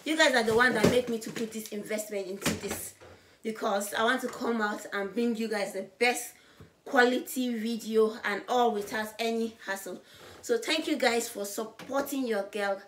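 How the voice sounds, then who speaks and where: A woman vlogging to camera, loud and bubbly, with a voice she calls high and loud. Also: steady tone, normal speed, a little hiss or hum. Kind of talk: casual vlog to camera.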